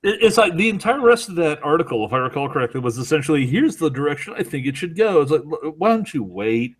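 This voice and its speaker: A man's voice: a little high, sing-song, husky. Wry man in a casual podcast chat. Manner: wry and quick to mock.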